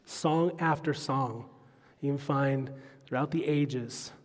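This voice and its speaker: Male pastor, unhurried expository sermon, reverb-heavy sanctuary sound. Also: mid-range voice. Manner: expository preaching, quoting scripture.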